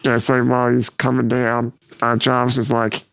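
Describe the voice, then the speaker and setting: A man with a gravelly, fry-edged voice walks through a film's scenes in order during casual podcast chat, now and then checking his notes. The sound is dry and close. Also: mid-range voice, monotone, normal speed, fairly bright tone, dry recording. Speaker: podcast co-host. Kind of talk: casual chat recapping a film.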